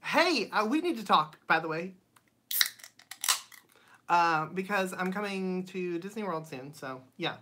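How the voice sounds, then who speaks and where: Unhurried and animated, with a lowish voice, long pauses, and some background noise, a woman hosts a casual livestream from her home studio. She greets viewers by name and reads their comments aloud, chatting with frequent ums and bright laughter.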